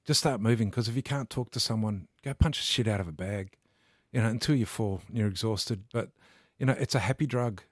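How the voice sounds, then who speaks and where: A man's voice: lowish voice, fairly quick, few pauses, no echo, clean studio sound. A man in his forties, a boxer and coach, talking earnestly and motivationally as a podcast guest. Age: 40s. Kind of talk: casual podcast chat.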